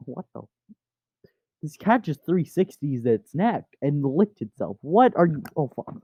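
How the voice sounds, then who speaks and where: Slow, tinny-sounding man rambling to his cat. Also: on the high side, sing-song, dry recording. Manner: distracted, swears and teases his cat mid-story. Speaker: channel host. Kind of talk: casual rambling narration. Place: home room. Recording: dry, tinny phone-like sound.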